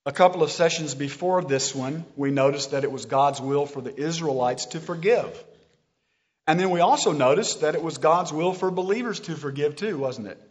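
A man preaching a sermon to a congregation, animated and often asking them questions. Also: fairly high pitch, dull audio. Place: church hall with live stream.

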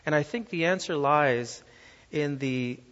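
A pastor delivers a sermon at a slow, deliberate pace, leaning into key words and putting rhetorical questions to his listeners. His voice sits a little high for a man. The recording is dull and lo-fi, with a long echo from a large hall. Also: a bit bright. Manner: emphatic preaching with rhetorical questions to the congregation. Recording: lo-fi sound with long hall reverb.

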